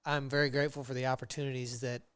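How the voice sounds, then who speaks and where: A man guesting on a podcast, telling his work history in a rambling, casual way with many fillers, and getting animated when he retells old conversations. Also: medium pitch, very fast, clean tone. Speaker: podcast guest, metal fabricator. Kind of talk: casual interview storytelling.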